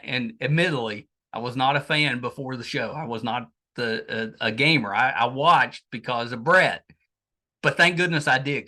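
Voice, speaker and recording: A man's voice: medium pitch, pushed and bright. A man hosting a podcast, talking through a casual outro in a rambling, self-correcting, chatty way. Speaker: podcast host.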